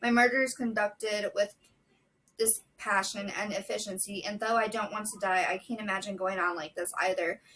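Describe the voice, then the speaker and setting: A woman reading a novel chapter aloud in a steady, measured way, with brief casual asides. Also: mid-range voice, distant mic, rough recording. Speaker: book vlogger.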